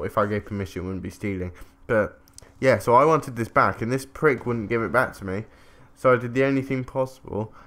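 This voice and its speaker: With a fairly low, fairly bright voice, an English man commentates casual gameplay while spinning a rambling yarn. He's chatty, keeps interrupting himself and swears casually.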